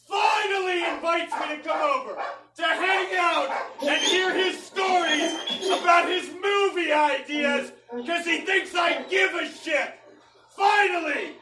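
A man's voice: very high voice, bright, forceful tone, far from the mic. A man in a profane, frantic comic rant, screaming furiously. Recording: echoey room, off-mic.

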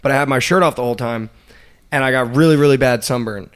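A young man co-hosting a podcast, chatting casually and telling stories in animated bursts, swearing freely. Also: medium pitch, quick pace, clear, resonant tone. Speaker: podcast co-host. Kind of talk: casual sports chat.

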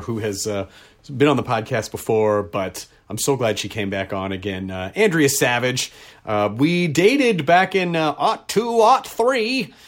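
A man hosting his own podcast, talking casually and jokingly between listener notes with plenty of filler words. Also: medium pitch. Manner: chatty and jokey, frequent filler words, loose self-deprecating asides. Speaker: podcast host. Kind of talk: casual podcast monologue with listener mail and ad read.

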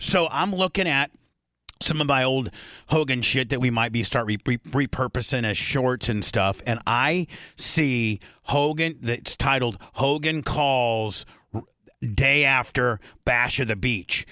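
A man's voice: mid-range voice, moderate pace, no room sound. Man, radio host, blunt, cursing, dry studio sound. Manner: blunt, heavy swearing, animated. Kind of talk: casual profane radio talk.

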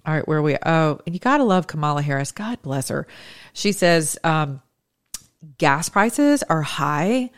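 Low-voiced sarcastic woman host. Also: animated, measured pace, clean tone. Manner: chatty, sarcastic, laughs at her own jokes. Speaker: commentary show host. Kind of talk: casual political commentary while scrolling news.

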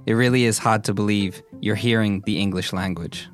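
A man reading scripted narration for a podcast in a smooth, fond way. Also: fairly low pitch, fairly even intonation, a little fast, faint music behind.

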